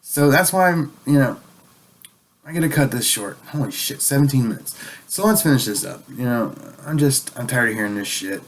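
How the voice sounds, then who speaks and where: A man's voice: medium pitch, expressive, moderate pace. A man delivering a rambling, profane political rant as a vlogger, sounding a bit tipsy and sarcastic.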